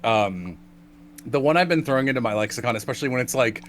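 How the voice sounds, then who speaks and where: A man's voice: medium pitch, fast, a little hiss or hum. A man chatting casually with friends on a live stream, joking and laughing often, with an Irish accent. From Ireland. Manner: animated, laughs often, jokey quoted voices.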